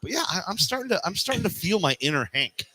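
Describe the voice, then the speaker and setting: A man guesting as a sports reporter on a live radio show from a bar, talking in a lively way. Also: high voice, fast, breathy edge. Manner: lively, expressive delivery. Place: bar, live remote broadcast.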